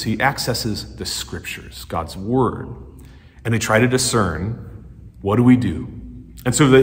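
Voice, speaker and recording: Storytelling male pastor in a reverberant hall. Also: mid-range voice. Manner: conversational storytelling, animated, acts out quotes. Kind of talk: sermon. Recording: long church-hall reverb.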